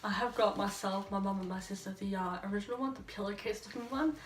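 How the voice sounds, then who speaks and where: A young Australian woman rambles cheerfully to herself with a slight tipsy looseness, her pitch sitting in an ordinary middle range. She is recorded on a phone at some distance, so her voice carries a roomy echo. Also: fast talker. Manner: rambling, chatty, talking to herself. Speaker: beauty vlogger. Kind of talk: get-ready-with-me chat. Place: bedroom at home under a ring light. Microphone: phone camera.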